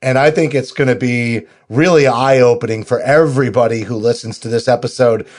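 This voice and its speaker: A man's voice: mid-range voice, fairly even intonation, normal speed. A man co-hosting a podcast, introducing the guest in an upbeat, promotional way. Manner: upbeat, promotional, many "you know" fillers. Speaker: podcast co-host. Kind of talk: podcast interview.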